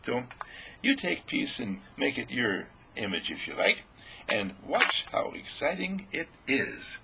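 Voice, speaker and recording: A man's voice: medium pitch, very animated, measured pace, creaky, heavy background noise. A man giving an inspirational spiritual talk, speaking in repetitive, soothing affirmations. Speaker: spiritual teacher.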